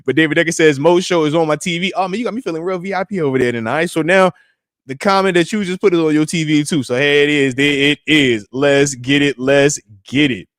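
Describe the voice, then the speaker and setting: Male live-stream host, thirties, slangy and hyped, fairly high voice, dry close sound. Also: fast, fairly bright tone, dry recording. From United States. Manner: loose and hype, slangy, calls out chat comments. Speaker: podcast host. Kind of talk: live-stream chat with viewers.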